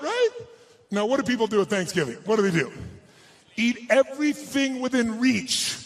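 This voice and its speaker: A man giving a high-energy motivational seminar to a live crowd in a large hall. He barks instructions, quizzes the audience and swears bluntly. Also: lively intonation, normal speed. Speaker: motivational speaker.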